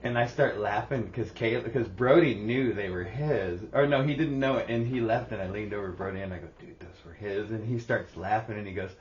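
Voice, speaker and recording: A man's voice: on the low side, a little fast, hardly any pauses, muffled recording, a little hiss or hum. A man co-hosting a podcast, telling a rambling home story with frequent restarts and laughter. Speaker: podcast co-host. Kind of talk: casual storytelling chat.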